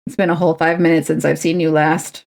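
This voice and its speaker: Woman, casual crafting stream chat, rambling, fry in a lowish voice. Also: little pitch movement, quick pace, a little mellow. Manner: rambling, talks to herself and her objects.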